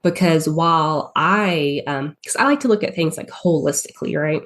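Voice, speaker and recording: A woman's voice: low-pitched, moderate pace, fairly bright tone. A woman with a Southern US accent who has a cold, chatting as a podcast guest about advertising, full of ums and likes. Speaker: guest, paid ads strategist. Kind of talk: casual podcast interview.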